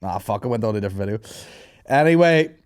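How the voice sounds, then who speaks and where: Sweary podcast host. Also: male voice, fairly low pitch, lively intonation, fast, clean tone, no room sound, clean studio sound. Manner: sweary, laughing, mimicking others. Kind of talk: casual comedy chat.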